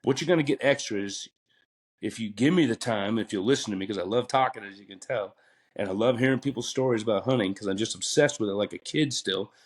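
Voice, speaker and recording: A man's voice: on the low side, fast talker. A talkative man in his fifties, a retired butcher telling long stories in a casual podcast interview, rambling with fillers and restarts. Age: 50s.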